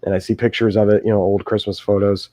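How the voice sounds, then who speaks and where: A man with a somewhat low voice, reminiscing with wry humor. His voice sounds close and dry. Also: little pitch movement, fast talker, mellow, dry recording, highs cut off. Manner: joking, nostalgic. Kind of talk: casual chat.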